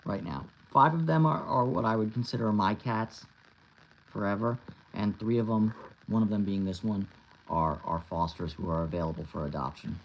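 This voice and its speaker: A man's voice: lowish voice, fairly even intonation, normal speed, slight background noise, poor audio. A man chatting casually on a livestream from his home, rambling playfully with many restarts. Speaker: streamer. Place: home with cats.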